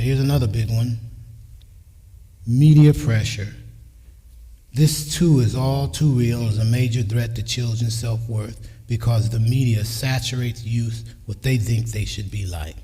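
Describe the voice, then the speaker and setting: Preaching about parenting in a church sanctuary, a sixty-something man uses a mid-range voice that's warm and slightly rough. He tells stories about his family and acts out their words in his own voice, and the hall echoes.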